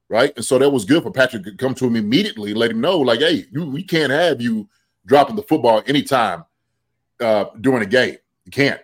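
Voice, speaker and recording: A man talks through a game in a relaxed podcast chat, his voice sitting at an ordinary middle pitch. He slips into quoted voices that jump up in excitement, then settles back into easy analysis. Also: fairly quick. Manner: animated, acts out quotes in raised voice. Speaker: podcast co-host, football analyst. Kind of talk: casual sports chat.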